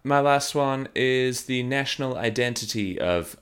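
A man co-hosting a podcast in casual comedic chat, playful and quick to laugh. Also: mid-range voice, a bit bright, smooth. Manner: playful, laughs often, riffs on jokes. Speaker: podcast co-host.

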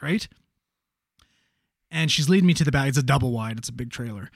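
A man who works in emergency medical services, telling a story in casual chat, animated and profane, with many fillers. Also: mid-range voice, dry recording, clean studio sound.

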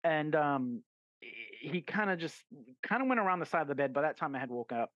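A man's voice: a little high, sing-song, fairly quick, no room sound. A man, a guest author, telling a story in a casual podcast interview, rambling with fillers and restarts and acting out his own quoted lines. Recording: dull, lo-fi and dry.

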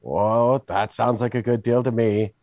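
A man's voice: medium pitch, fairly even intonation, measured pace, a little mellow, no room sound, dull audio, lightly acted. A man voicing a weary, folksy village coffin maker in a wobbly put-on Scottish accent. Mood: helpful.

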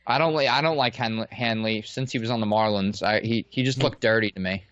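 A man's voice: fairly low pitch, fairly quick, a bit bright, no echo, lo-fi sound. A man in a casual sports chat, chatty and hedging his opinions with "I don't know".

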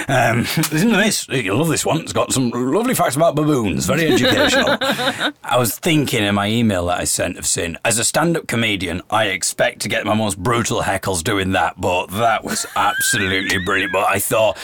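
A man's voice: fairly low pitch, brisk, slight background noise. A man hosting a podcast in casual comedic chat, telling anecdotes and laughing often. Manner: animated storytelling, laughs often, puts on quoted voices. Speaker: podcast host.

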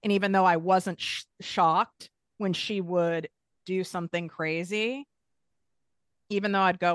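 Frank, emphatic woman, smooth low voice. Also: fairly even intonation, measured pace, no echo, clean studio sound. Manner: frank, emphatic, swears casually. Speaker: podcast guest. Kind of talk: candid personal conversation.

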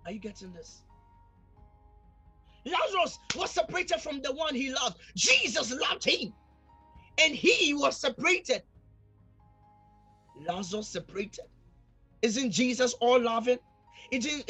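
A man preaching with a high, bright voice that carries a husky edge. He leaps from loud, fervent shouting down to hushed asides and keeps calling out to his listeners. Faint music plays softly behind him. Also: expressive, a little slow, pauses often. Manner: fervent, repeats calls to the congregation, swings between shouting and quiet. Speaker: pastor. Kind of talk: sermon.

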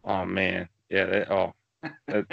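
Male host, low voice, gravelly, short reactions. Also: monotone, slow, lo-fi sound. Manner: brief reactions and short questions. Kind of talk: casual interview.

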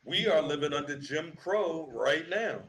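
A man's voice: fairly high pitch, lively intonation, measured pace, a bit bright, rough recording. Insistent man pressing a point. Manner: insistent, repeats words. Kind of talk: casual debate.

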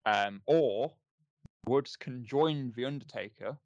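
A man's voice: medium pitch, slow pace, a little mellow, dry recording, lo-fi sound. A man co-hosting a casual podcast, recapping things with filler ums and acting out lines. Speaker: podcast co-host. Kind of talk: casual chat review.

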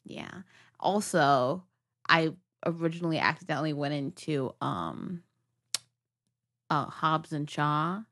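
Young woman on a movie podcast, jokey, bouncy pitch, lowish voice but bright and sharp. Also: expressive, slow pace, pauses often. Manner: playful, jokey, sometimes drops to a whisper. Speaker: podcast co-host. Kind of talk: casual film review chat.

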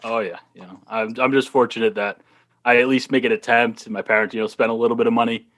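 Dude w a slight boston accent rattling on quick, chatty podcast guest, laughs a lot. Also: male voice, medium pitch, steady tone, a bit bright. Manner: chatty, laughs through stories. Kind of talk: casual chat.

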